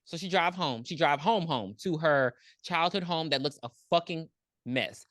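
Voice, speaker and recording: A woman's voice: deep voice, normal speed, no echo, clean studio sound. A woman co-hosting a podcast, retelling a horror film in a blunt, joking, slangy way. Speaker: podcast co-host. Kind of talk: casual chat recapping a horror film.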